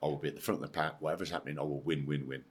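A middle-aged man with an English accent and a very low, deep voice. He speaks bluntly and emphatically, swears freely, and acts out the voices of the people in his story. The tone is casual, like a guest talking on a chat show. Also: steady tone, very fast, slightly rough. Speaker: podcast guest, former footballer.

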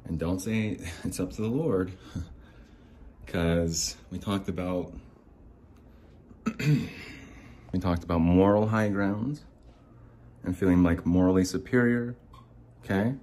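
A man hosting a podcast, ranting in exasperation, swearing and swinging between low mutters and sharp outbursts. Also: takes it slowly, long pauses, slight background noise. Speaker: podcast host. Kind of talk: angry ranting monologue. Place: home near a window.

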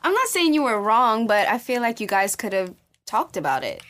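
A woman's voice: fairly high pitch, sing-song, moderate pace, fairly bright tone. A woman guest on a podcast, chatting casually and giving advice. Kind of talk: casual chat.

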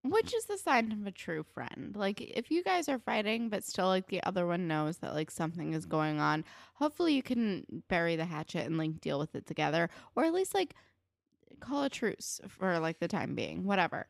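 A woman co-hosting a casual chat, recapping a TV episode in a chatty, filler-heavy way with animated retellings. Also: on the low side, normal speed, vocal fry, no room sound, studio quality. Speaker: podcast co-host recapping a TV episode.

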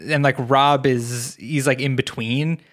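A man's voice: mid-range voice, steady tone, fairly bright tone. A man from New York, guest co-hosting a casual podcast chat, joking and teasing. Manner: joking, teasing, quick to laugh. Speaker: guest co-host and podcast editor.

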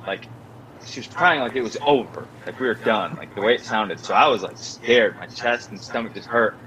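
A man's voice: moderate pace, slight background noise, rough recording. Young man telling a story, full of "like". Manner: animated storyteller, many filler "like"s, acts out quotes in a higher voice. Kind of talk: casual storytelling chat.

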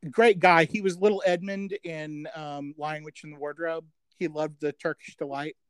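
A middle-aged man on a podcast reminisces in casual chat, rambling with plenty of "um" fillers and quick, self-deprecating jokes. His voice is fairly high, steady and clear with a resonant tone; there's no echo, but the audio quality is poor.

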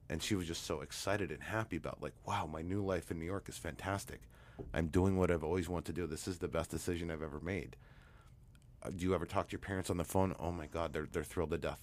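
Very deep-voiced man telling a story. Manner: relaxed, rambling anecdote with fillers. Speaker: guest, hypnotherapist. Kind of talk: storytelling interview talk.

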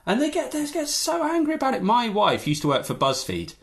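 A man guesting on a podcast, ranting in an animated, jokey way during casual chat. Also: very high voice, a little fast.

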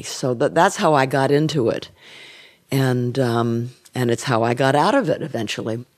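Older woman, reflective and frank. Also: rumbling low. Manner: reflective and frank, with soft trailing restarts. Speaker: interview guest. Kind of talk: candid interview conversation.

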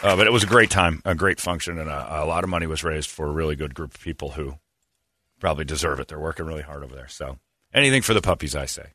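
A man's voice: a bass voice, fast talker, pushed and bright, some chatter behind. A man hosting a radio show, telling self-deprecating stories and acting out the people he quotes. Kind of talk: casual storytelling on morning radio.

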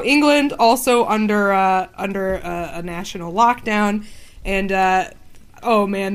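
A woman on a podcast who talks slowly and unhurriedly. She laughs often and pauses as she works through a story, speaking into a remote call mic. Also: medium pitch, fairly bright tone. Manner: amused, laughs often, halting when reading. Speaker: podcast co-host. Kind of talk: casual comedic chat, reading out stories.

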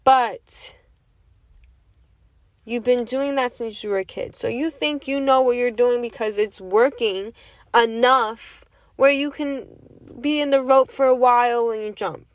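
Woman, high pitch, slow deliberate delivery, dry close sound; blunt opinion piece full of rhetorical questions. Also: no room sound. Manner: emphatic, repeats rhetorical questions, curses. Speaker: vlogger giving opinions. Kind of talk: casual monologue.

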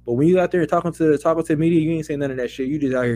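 A man co-hosting a casual sports podcast, heated and profane, his voice climbing into loud rants. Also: on the high side, steady tone, very fast, a little hiss or hum. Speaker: podcast co-host.

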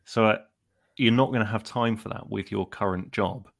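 Low, gravelly man with wry quips. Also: normal speed. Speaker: podcast co-host. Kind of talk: casual comedic chat.

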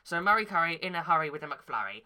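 A man's voice: on the high side, sing-song, fast talker, pushed and bright, clear, resonant tone. A young man bantering bossily in an improvised comedy sketch, teasing his partner.

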